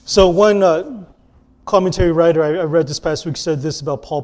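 A man with a high voice delivers a sermon. He preaches earnestly as a pastor, pressing some lines hard and dropping others to a hush. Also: fairly quick. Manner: earnest preaching, swinging between emphatic and hushed.

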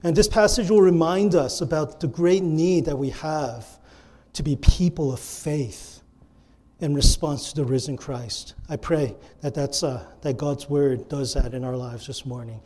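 Mellow-voiced man preaching a sermon. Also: on the high side, unhurried. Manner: earnest, repeats key phrases for emphasis. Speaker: pastor.

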